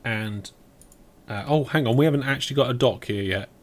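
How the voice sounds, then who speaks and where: A man's voice: medium pitch, brisk. A man streaming a game live, thinking aloud as he plays and chatting back to his viewers. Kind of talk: live let's play commentary.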